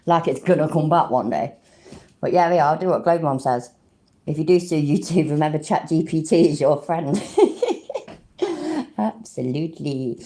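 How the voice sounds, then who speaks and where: Lady with a low voice, sarcastic running commentary, swears a lot. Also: sing-song, unhurried, warm tone. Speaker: streamer reacting to clips. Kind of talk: casual commentary.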